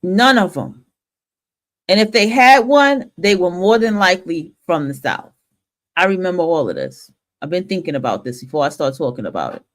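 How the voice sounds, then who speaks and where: Hosting a talk stream, a woman from the northern United States gives a blunt, foul-mouthed opinion monologue, often starting her sentences over. Her lowish voice has big pitch swings and moves at a moderate pace.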